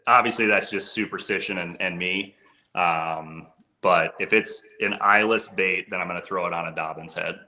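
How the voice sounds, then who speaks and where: A man's voice: sits low, fairly even intonation, moderate pace, pushed and bright, echoey room. A man who works as a fishing guide, talking gear in a laid-back way, saying "dude" and "bro". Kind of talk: casual gear talk.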